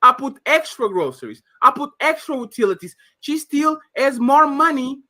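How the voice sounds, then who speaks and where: A man's voice: very high voice, very animated, moderate pace, pushed and bright. A man on a panel discussion, insistently pressing for numbers and explaining his reasoning.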